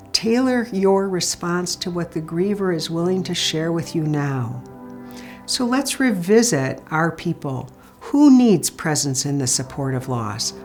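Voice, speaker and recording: A woman giving an instructional talk on supporting grieving people, speaking in a calm, gentle and measured way. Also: on the low side. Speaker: grief support educator.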